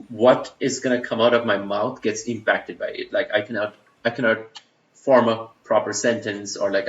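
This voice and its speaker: A young man with an Indian accent, streaming a game and chatting loosely with his viewers, full of fillers and restarts. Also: mid-range voice. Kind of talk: casual live-stream chat. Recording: roomy, slightly dull home stream audio.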